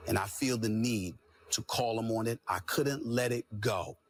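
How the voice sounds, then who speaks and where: A man giving heated, emphatic commentary, declaring his points forcefully in a husky voice. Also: lowish voice, moderate pace, dry recording. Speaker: sports commentator.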